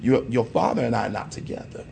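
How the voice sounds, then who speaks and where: A man in casual podcast chat, hesitant and halting as he retells a memory. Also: medium pitch, gravelly, dark tone, slight background noise.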